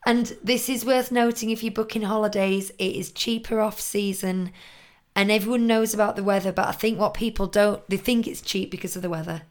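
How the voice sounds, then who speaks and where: A woman's voice: mid-range voice, fairly even intonation, fairly quick. A woman hosting a fan podcast, chatting in an upbeat, easygoing way. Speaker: podcast host. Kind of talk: casual chat.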